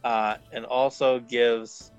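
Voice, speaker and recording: A man's voice: medium pitch, little pitch movement, slow pace, highs cut off, soft background music. A man playing a tabletop game, talking in a polite, good-humored, chatty way. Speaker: player.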